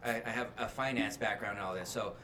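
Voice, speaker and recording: A man's voice: on the low side, steady tone, fast talker, bright, forceful tone. A man who is a guest in a casual chat, speaking emphatically and repeating words as he starts sentences. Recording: roomy, distant mic, faint noise.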